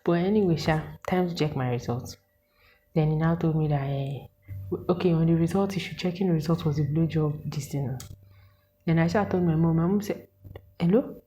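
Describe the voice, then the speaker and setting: A Nigerian woman in her twenties, telling a story to her viewers in an animated, exasperated way and asking them questions. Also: sits low, a little fast, slight background noise, poor audio. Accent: Nigerian English with Pidgin words. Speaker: vlogger. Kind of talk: casual storytelling to camera.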